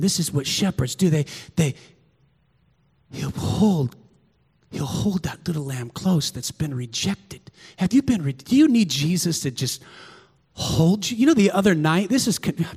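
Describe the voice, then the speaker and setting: A middle-aged man preaching a sermon as pastor in a church, swinging from excited shouts to hushed, intimate prayer. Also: on the high side, breathy edge, big-room sound. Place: church sanctuary.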